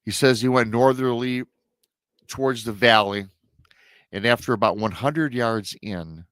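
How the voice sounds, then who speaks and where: A man's voice: mid-range voice, unhurried, a bit bright, smooth, dry recording, studio quality. A man hosting a show, dramatically retelling a listener's emailed story with emotional asides. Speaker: host reading listener accounts. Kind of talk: storytelling podcast narration.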